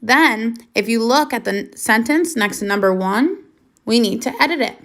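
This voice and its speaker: A woman's voice: a little high, expressive, normal speed. A woman teaching a first grade lesson on video, who asks the children questions, waits, and then confirms the answers patiently.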